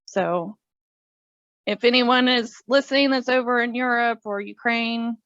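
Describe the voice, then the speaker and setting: A woman's voice: fairly high pitch, a little slow, fairly bright tone, no echo, dull audio. A woman co-hosting a casual podcast chat, talking with lots of fillers and laughing often. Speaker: podcast co-host.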